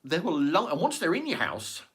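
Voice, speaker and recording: A man's voice: fairly high pitch, huge pitch swings, moderate pace, a bit bright. A man talking in a casual, rambling monologue, blunt and sweary, often repeating words and restarting his sentences. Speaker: vlogger.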